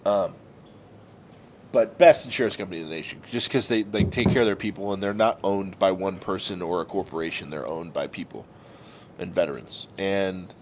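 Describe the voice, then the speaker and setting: A man and podcast co-host telling stories from his youth in a casual chat, turning loud and animated when he acts out other people. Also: low voice, moderate pace, background noise.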